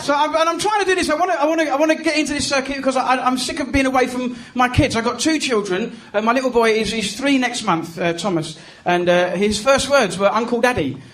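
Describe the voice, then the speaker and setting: An English stand-up comedian in his thirties talks fast in a very high voice, barely pausing as he runs a chatty, self-deprecating set and teases the crowd. The live comedy club recording picks up audience laughter and room noise.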